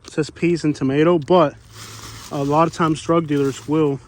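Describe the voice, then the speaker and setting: A man's voice: fairly high pitch, flat delivery, normal speed. Breathless rambling man hiking outdoors. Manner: rambling, folksy, says "you know" a lot. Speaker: vlogger exploring homeless camps. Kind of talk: casual walking vlog narration. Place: outdoors in hot woods. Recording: faint outdoor ambience.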